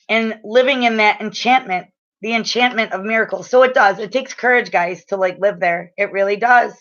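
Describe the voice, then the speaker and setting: A woman giving a casual live-stream oracle card reading, rambling with lots of fillers and restarts, and getting loud and excited as she talks. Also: a little high, normal speed, dull audio. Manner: excitable and loud when enthused.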